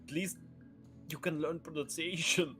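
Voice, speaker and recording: A man chatting casually as a guest streamer, excitable and rambling, with many fillers and bursts of loud laughter. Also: fairly high pitch, moderate pace, soft background music. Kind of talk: casual chat.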